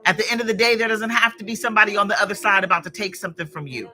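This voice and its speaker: A woman's voice: mid-range voice, racing, sharp tone. A woman hosting a live stream, chatting and encouraging her viewers in a casual motivational way while she arranges flowers.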